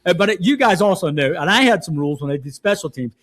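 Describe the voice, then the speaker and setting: An older man, a football coach telling stories on a podcast, laughing and acting out shouted quotes. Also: sits high, lively intonation, fast talker. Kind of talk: casual storytelling.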